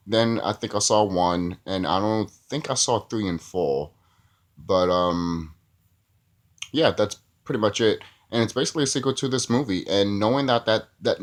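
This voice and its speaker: A man giving a casual, rambling movie review who often laughs at his own jokes. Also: lowish voice.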